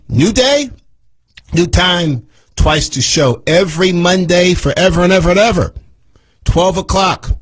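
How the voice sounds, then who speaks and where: A man hosting a radio talk show, emphatic and repeating his phrases like a sales pitch. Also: breathy edge, low-quality recording.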